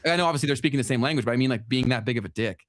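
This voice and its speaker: A man's voice: mid-range voice, racing, no echo, clean studio sound. A blunt, opinionated young man from Canada, co-hosting a casual podcast chat with frequent restarts. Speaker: podcast co-host.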